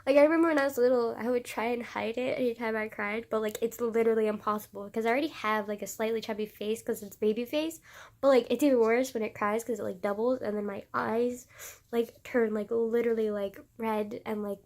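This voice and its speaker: A woman's voice: a little high, steady tone, a little fast, a little mellow. A woman vlogger talking in an emotional confessional, teary and laughing through tears, rambling with constant fillers.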